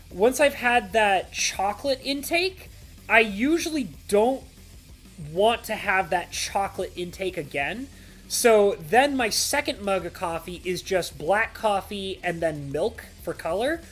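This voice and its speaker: A man streaming live and chatting with his viewers in a loose, rambling way, dropping "like" every few words. His voice is light and swoops up and down with lively intonation, and he slips into mock rants. Soft music plays faintly behind him. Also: high-pitched. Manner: rambling, full of "like" fillers; animated, mock-ranting. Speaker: streamer reading chat. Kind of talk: casual live-stream chat.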